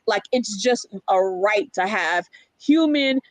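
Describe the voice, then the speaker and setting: A woman co-hosting a casual livestream chat, animated and reading out viewer comments. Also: mid-range voice, slow pace, dry recording. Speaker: livestream co-host.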